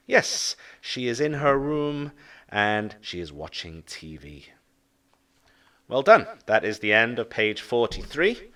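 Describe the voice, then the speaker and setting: A man teaching an online English lesson, modeling questions slowly and deliberately. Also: mid-range voice, pushed and bright, distant mic. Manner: slow, deliberate modeling of intonation.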